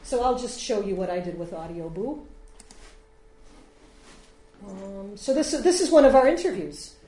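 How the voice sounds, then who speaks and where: A woman's voice: mid-range voice, lively intonation, moderate pace, warm tone. A woman giving an informal workshop talk to a small group, chatty and rambling with frequent fillers. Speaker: workshop presenter. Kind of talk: informal talk on free online tools. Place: room with an audience. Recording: echoey room, slight noise.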